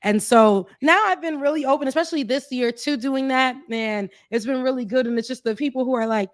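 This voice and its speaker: A woman's voice: high-pitched, a little fast, dry recording, clean studio sound. A woman co-host telling stories in casual chat, with laughs and quoted voices. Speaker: show co-host.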